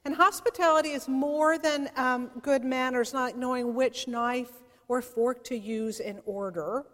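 Woman pastor, middle-aged, chatty storyteller in a sermon; bright high voice in a reverberant church. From San Francisco area. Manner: storytelling, conversational, with playful asides. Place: church sanctuary. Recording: long hall reverb.

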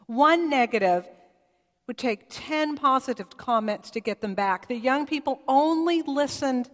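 Woman pastor, high voice, slow deliberate sermon delivery, echoing sanctuary. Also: a bit bright. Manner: measured preaching with emphatic repetition. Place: church sanctuary.

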